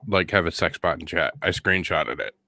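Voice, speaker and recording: A man's voice: low-pitched, moderate pace, creaky, pushed and bright. A man co-hosting a casual stream, playful and giggly, talking while he eats. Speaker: podcast co-host. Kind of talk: casual late-night stream chat.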